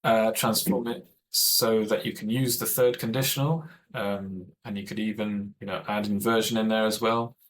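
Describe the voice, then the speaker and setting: A man's voice: lowish voice, steady tone, normal speed, few pauses, low-quality recording. A man giving an online training presentation for teachers, explaining methods in a thoughtful way and often correcting himself mid-sentence.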